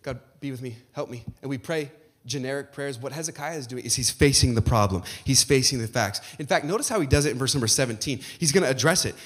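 A man's voice: mid-range voice, fast talker, few pauses. A middle-aged man preaching a sermon as pastor, emphatic and building to passionate peaks.

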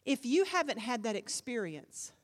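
A woman pastor delivers a fervent sermon in a high, bright-toned voice. She swings from hushed, low passages to loud, ringing cries. A long reverb hangs on every word, as in a big hall. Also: sing-song, moderate pace. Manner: dramatic, swings from hushed to loud, quotes scripture with fervor.

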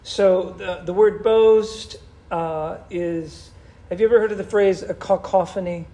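Man, pastor, sermon, gravelly, slightly high voice, animated. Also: a little slow. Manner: animated, conversational preaching.

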